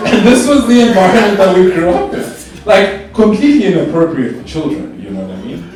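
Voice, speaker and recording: A young man from South Africa performing a stand-up comedy routine, telling stories in an animated way and jumping to high squeals when he quotes himself. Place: stage in a club or hall. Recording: echoey live stage sound from a distance.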